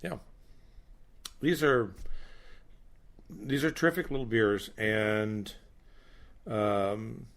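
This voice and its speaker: A man's voice: on the low side, extremely slow, gravelly, pauses often, a bit bright. A man co-hosting a casual tasting chat, thoughtful and explaining at length. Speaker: podcast co-host.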